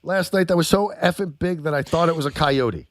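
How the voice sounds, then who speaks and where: A man's voice: a little high, fairly quick, dry recording. A man co-hosting a podcast in casual chat, brash and profane, who often breaks in on the others. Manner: brash, swears a lot, interrupts. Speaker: podcast co-host. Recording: dry close mic.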